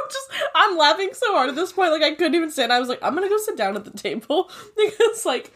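A woman's voice: extremely high pitch, big pitch swings, quick pace, fairly bright tone. A young woman telling a funny story in casual chat, laughing often as she goes.

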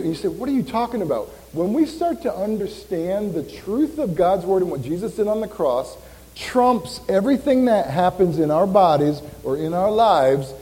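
A man preaching a sermon as pastor, animated and joking, often quizzing his congregation. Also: high voice. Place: church hall. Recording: long reverb of a church hall.

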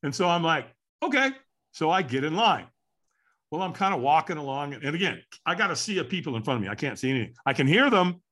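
A man in his sixties telling a personal story as a podcast guest, acting out what people said with big swings in his voice. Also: fast. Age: 60s. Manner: animated, acts out quotes with big pitch swings.

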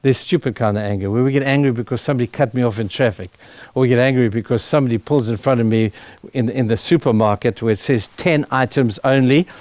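A middle-aged man gives a sermon as a guest speaker at a church. His talk is conversational, full of asides, and he leans into passages with fervent force. His voice sits at an ordinary pitch for a man, and the recording is close and dry. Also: fast, no echo. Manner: conversational, building to fervent emphasis.

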